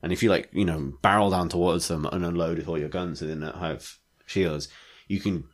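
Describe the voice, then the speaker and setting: A man's voice: low-pitched, fairly even intonation, fairly quick. A man co-hosting a podcast, chatting in a rambling, enthusiastic way with lots of fillers. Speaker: podcast co-host. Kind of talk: casual chat.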